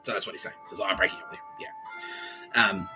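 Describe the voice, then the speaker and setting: A lowish yet bright, forward-sounding man riffing through a comedy podcast monologue. He rambles and swears freely, jumping into quick impressions as he retells scenes. Soft music hums faintly behind him. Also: little pitch movement, rough recording. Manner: rambling, profane, acts out scenes in quick voices. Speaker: podcast host.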